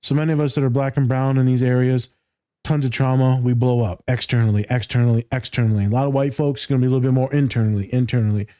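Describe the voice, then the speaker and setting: A man hosting a podcast in casual chat, animated and swearing freely, laughing often. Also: mid-range voice, fast talker, smooth. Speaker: podcast host.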